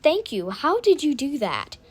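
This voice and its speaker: A bratty teenage boy in a told story, whining and demanding, sounding a little high, as a woman reads him in her own voice. The delivery is slow and unhurried. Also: very animated. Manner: whiny and demanding.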